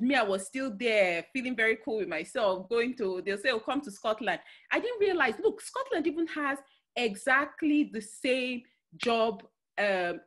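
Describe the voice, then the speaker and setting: A woman with a Nigerian accent giving a motivational talk, telling stories in an animated way with many fillers and restarts. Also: fairly high pitch. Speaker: guest speaker.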